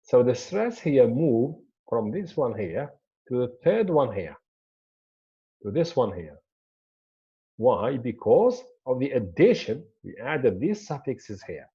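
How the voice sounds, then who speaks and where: A man teaching English word stress in a slow, repetitive lecture, pointing things out as he explains. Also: mid-range voice, sing-song, warm tone, slightly rough, dull audio. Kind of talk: classroom lecture.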